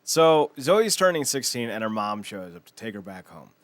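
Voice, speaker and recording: A man's voice: mid-range voice, big pitch swings, moderate pace, fairly bright tone, dry recording. A man co-hosting a podcast, recapping a TV show in casual chat, rambling, swearing and stumbling over his words. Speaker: podcast co-host.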